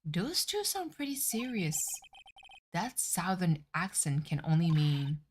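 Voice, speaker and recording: A woman's voice: lowish voice, sing-song, slow, a little hiss or hum. An earnest young defense lawyer from a courtroom game, read by a woman close to her own voice, asking short puzzled questions.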